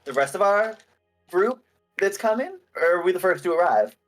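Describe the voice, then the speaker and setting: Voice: mid-range voice, very animated, moderate pace, faint music behind, pitched above the performer's own voice, lightly acted. A player voicing Felix, an awkward man who falls into a hesitant customer-service politeness full of fillers. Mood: flustered polite. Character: male party member Felix, politely awkward.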